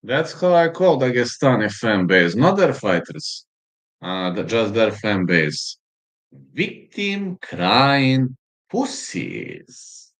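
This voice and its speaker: Hosting a casual live stream, a man reacts to viewer comments in a very low, slow, unhurried voice with a sing-song lilt and filler pauses. He's blunt and crude, swearing freely throughout.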